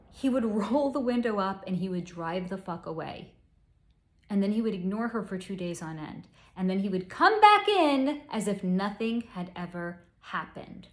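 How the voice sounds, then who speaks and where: In a reverberant recording, a woman with a slightly high voice gives a solo spoken energy reading as a psychic, telling a story candidly and swearing freely.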